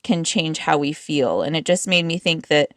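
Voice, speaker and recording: A woman's voice: low-pitched, moderate pace, dry recording, clean studio sound. Earnest, reflective woman co-host. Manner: earnest and reflective, with many fillers. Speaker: podcast co-host. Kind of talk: casual faith podcast chat. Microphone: recorded over a computer call.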